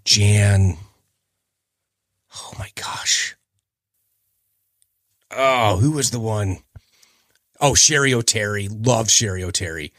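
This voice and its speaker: A man's voice: on the low side, measured pace, a bit bright, dry recording, clean studio sound. A man in his forties hosting a casual solo podcast, chatty and rambling, often trailing off while he searches for names. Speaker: podcast host.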